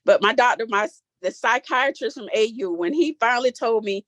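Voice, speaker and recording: This is a woman in her forties sharing her story as a guest in a group discussion, her voice a little high and a bit bright at a moderate pace. She talks frankly and casually with a hint of the South, cracking up as she holds back tears. The recording sounds dry.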